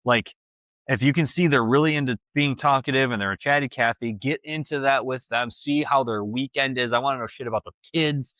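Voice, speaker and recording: A man co-hosting a podcast, chatting casually and telling stories with lively quoted voices. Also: fairly quick, no room sound. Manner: animated storyteller, jumps pitch when quoting people. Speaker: podcast co-host. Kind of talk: casual chat.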